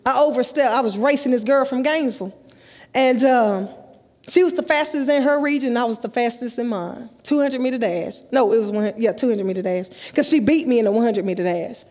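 A woman, telling a lively story in a sermon at a youth conference and acting out the dialogue. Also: on the high side, brisk. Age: 30s. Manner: lively, acts out dialogue, laughs often. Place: large church sanctuary, live. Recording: live church hall with long echo.

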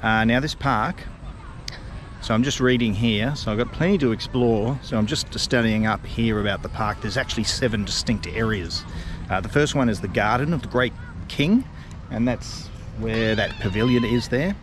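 Strolling outdoors through a city park, a middle-aged Australian man narrates a loose, talkative travel vlog, often restarting and leaning on fillers. He speaks at a moderate pace in a mid-range voice, with traffic and street sounds in the background.

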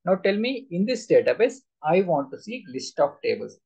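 Firing repeated questions at his students, a male SQL instructor teaches a live class at a normal speed. His voice is gravelly and slightly husky, and his pitch swoops in a lively way.

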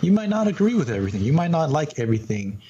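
Mellow-voiced male host, muffled audio. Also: a little high, very fast. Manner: relaxed and reflective, loosely phrased. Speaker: podcast host. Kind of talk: casual conversational chat. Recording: muffled lo-fi audio with faint hiss.

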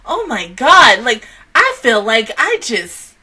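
A young woman reviewing an anime episode in a loud, expressive way, swearing often and swinging between shouts and laughter. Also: on the high side, slow, breathy edge. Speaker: anime reaction YouTuber. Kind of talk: excited anime reaction review.

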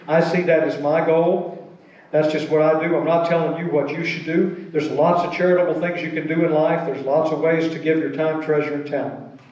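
A man's voice: a little high, a little mellow. A male pastor preaching a sermon in a church in a folksy, conversational way. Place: church sanctuary. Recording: echoey, distant, dull church recording.

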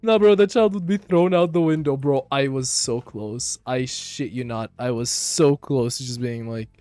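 A young man and streamer telling a story casually while gaming, slangy and profane, dropping to low mumbles and then bursting out loud. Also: no echo. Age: young adult. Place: home room.

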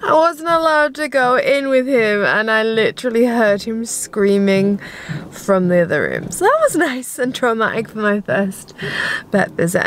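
A woman's voice: fairly high pitch, slight background noise. Chatty, sweary young woman vlogger. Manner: chatty, sweary, self-mocking. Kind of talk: casual vlog talk.

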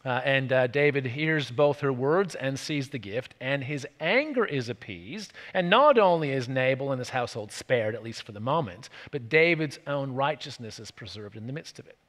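A man's voice: mid-range voice, animated, normal speed, hardly any pauses, fairly bright tone, long reverb tail. An Australian man preaching a sermon in a church, chatty and full of tag questions and restarts.

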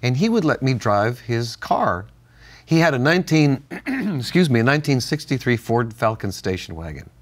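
A man's voice: medium pitch, very animated, normal speed. An older man co-hosting a Bible-teaching chat, telling stories and laughing often. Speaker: co-host.

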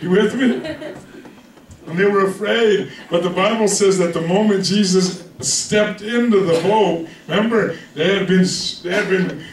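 Male pastor with a high voice, casual humorous preaching, recorded far off in an echoey church with the congregation audible. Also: moderate pace, a little hiss or hum. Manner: conversational, joking, keeps asking "you with me?". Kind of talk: sermon.

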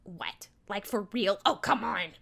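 A woman streaming a dating game, reading it aloud with sarcastic asides, frequent giggles and loud reactions. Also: mid-range voice, lively intonation, takes it slowly, vocal fry.

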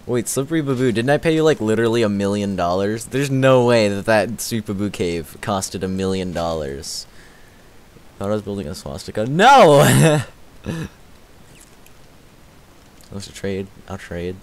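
A man streaming a game live, chatting casually with a slightly raspy voice and thanking viewers as he plays. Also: fairly low pitch, normal speed, darkish tone. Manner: chatty, thanks viewers, repeats filler words. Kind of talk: casual livestream commentary while playing.

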